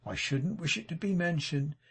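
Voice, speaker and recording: A man voicing a sanctimonious, self-pitying middle-aged gentleman in an audiobook, mournful and unctuous. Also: a little high, normal speed, vocal fry, slightly rough, voice pushed up. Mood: confiding. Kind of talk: audiobook character reading.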